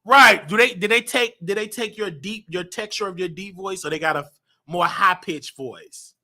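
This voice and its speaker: A man with a high, piercingly bright voice runs a live call-in show. He teases his callers and jumps from low mutters up to shouts. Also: normal speed. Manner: loud, teasing, swings to shouting. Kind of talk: casual call-in banter.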